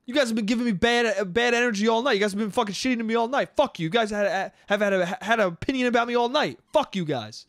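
A man's voice: extremely high pitch, fast talker, hardly any pauses, no room sound, studio quality, pitched above the performer's own voice. A man doing a foul-mouthed ex-con raging at a bar. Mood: hostile. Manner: profane, shouting, hostile.

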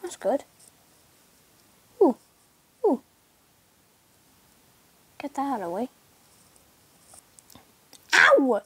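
A woman chatting casually through her gameplay video, excitable and yelping as she plays. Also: high voice, extremely slow, pauses often, no room sound. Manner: excitable, calls out and yelps while playing. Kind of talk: casual game commentary. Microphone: screen recorder mic.

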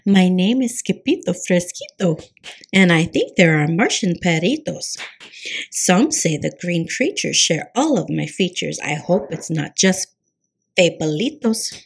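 A woman voicing Skippyjon Jones, an excitable young male Siamese kitten who plays a chihuahua, in a bouncy, exclaiming storybook voice with mock Spanish flourishes. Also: lowish voice, measured pace, gravelly, slightly rough, exaggerated voice. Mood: playful.

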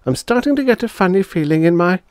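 A fussy, suspicious little girl turned chicken whines in a high, lively voice, as a man puts her on. She complains and pleads with every line. The storybook voice sounds close and dry. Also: fast, smooth, no room sound. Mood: whiny. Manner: whiny and complaining.

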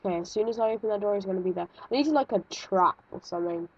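Jumpy, husky-voiced woman. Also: mid-range voice, racing, a little mellow, highs cut off. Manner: jumpy, nervous, exclaiming, thinking aloud. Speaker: gaming video creator. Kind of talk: let's-play game commentary.

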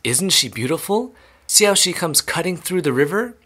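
A man's voice: medium pitch, big pitch swings, sharp tone, full character voice. Man doing a gleeful eccentric Willy Wonka. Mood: excited. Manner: exclamatory, hurried and gleeful. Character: eccentric excitable male chocolate maker.

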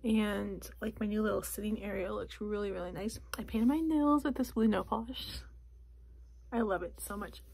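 A young woman vlogging in a casual chat from a closet at home, talking softly and often slipping into a whisper. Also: medium pitch, moderate pace, gravelly, husky. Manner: soft, often drops to a whisper.

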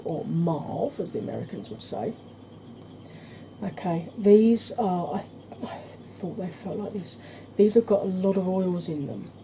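A woman explaining her makeup steps in a soft, chatty ASMR tutorial, often clearing her throat. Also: medium pitch, slight background noise, rough recording. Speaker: beauty vlogger.

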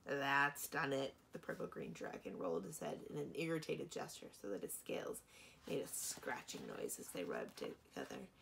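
Low-voiced, animated librarian reading aloud. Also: female voice, moderate pace, gravelly, slight background noise. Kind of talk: children's book read-aloud.

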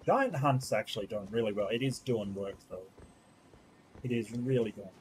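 A man's voice: on the low side, expressive, moderate pace, a little hiss or hum, poor audio. Chatty male let's-play streamer. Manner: chatty, rambling, easily distracted. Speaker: gaming streamer. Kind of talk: casual let's-play commentary.

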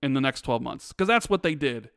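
A man's voice: medium pitch, fairly quick, gravelly, no echo, clean studio sound. A man co-hosting a podcast in casual chat, ranting emphatically and repeating himself for stress. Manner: animated, emphatic ranting with repetitions. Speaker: podcast co-host.

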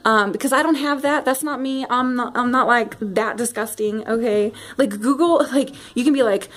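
A young woman vlogging a casual rant to camera at home, animated and giggly with lots of fillers. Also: on the high side, moderate pace. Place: home, near bathroom.

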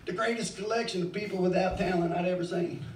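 Middle-aged male open-mic comic, crude, rambling and profane, with a high voice, caught from a distance in a roomy bar. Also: fairly even intonation, fast talker. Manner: crude, rambling, swears freely. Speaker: stand-up comic. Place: bar stage. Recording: echoey bar, mic far off.

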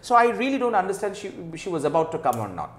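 A man's voice: high voice, huge pitch swings, fast, roomy sound. A man with an Indian English accent, a trainer and guest, telling a story in casual conversation. He acts out the people he quotes and slips in Hindi phrases. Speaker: faculty development trainer, guest.

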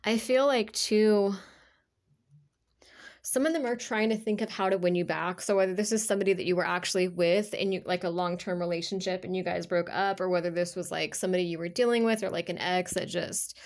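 A woman's voice: lowish voice, brisk. A woman giving a casual tarot reading in a chatty, rambling way, full of filler words. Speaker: tarot reader.

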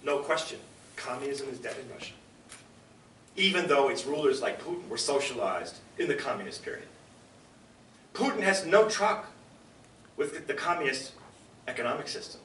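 A man's voice: mid-range voice, sing-song, normal speed, pauses often, fairly bright tone, a little hiss or hum. An older man giving a public lecture to a room, emphatic and fond of rhetorical questions and asides to the audience. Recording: echoey lecture hall from far off.

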